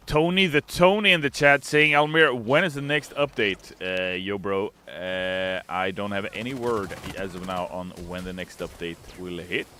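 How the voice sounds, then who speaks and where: A man hosting a casual livestream, with a low voice and a bright, forceful delivery. He reads viewer messages out loud, playful and chatty, and adds quick joking asides. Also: faint music behind. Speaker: game community streamer.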